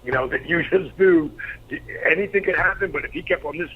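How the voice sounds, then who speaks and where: A middle-aged man, a former pro wrestler, telling profane, animated anecdotes as an interview guest. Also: on the high side, brisk, slight background noise. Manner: profane, animated storyteller acting out quotes. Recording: slightly dull lo-fi recording.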